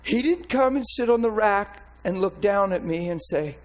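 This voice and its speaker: A man's voice: high voice, expressive, moderate pace, rough recording. A man preaching his testimony in an impassioned, emphatic way. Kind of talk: testimony sermon.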